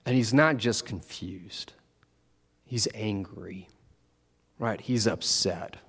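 Male pastor, sermon, slow deliberate delivery, lively storytelling, long hall reverb. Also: fairly low pitch, slightly rough. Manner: animated storytelling, acting out quoted voices.

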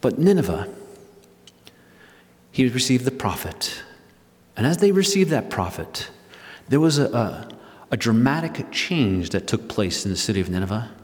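A man preaches a sermon with a voice of ordinary middle pitch. He leans into emphatic stresses, slowing on key words and then pushing forward. His voice rings out with long reverb, as in a large church hall. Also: big pitch swings. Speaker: pastor.

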